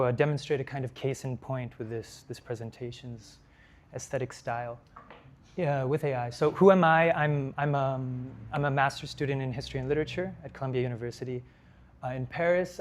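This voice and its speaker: A man's voice: medium pitch, fairly even intonation, normal speed, slight background noise. A young man giving a conference talk, hesitant, with frequent fillers and restarts. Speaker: lecture speaker. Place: lecture hall.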